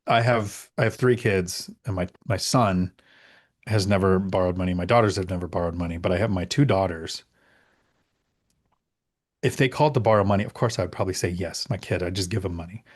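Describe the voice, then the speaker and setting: A middle-aged man with a lowish voice hosts a relaxed live Q&A. He reads viewer questions aloud, then answers plainly and leans on repeated words for emphasis. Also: a little fast. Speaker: host. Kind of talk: casual live Q&A chat.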